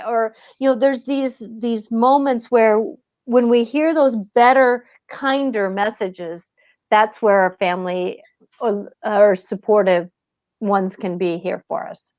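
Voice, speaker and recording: A woman working as a spiritual medium, speaking in a panel discussion in an earnest, gently reassuring way and acting out the messages she quotes. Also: fairly high pitch, slow pace, no echo.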